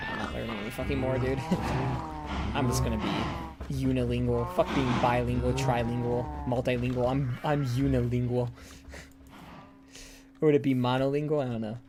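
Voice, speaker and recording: With background noise behind him, a young American gamer rambles and swears freely in casual livestream chat, speaking in a mid-range voice from an indoor room by a hallway.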